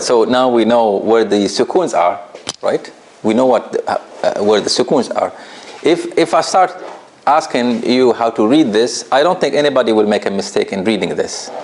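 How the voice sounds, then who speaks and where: A man's voice: mid-range voice, a little mellow, slight background noise. A man teaching a tajweed class in an office, patient and laughing often as he asks the students questions. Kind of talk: classroom lesson.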